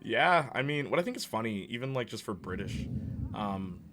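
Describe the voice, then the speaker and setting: A man's voice: on the low side, big pitch swings, normal speed, background noise. Jokey young male gaming streamer. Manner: jokey, riffing, laughing often. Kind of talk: casual live-stream commentary.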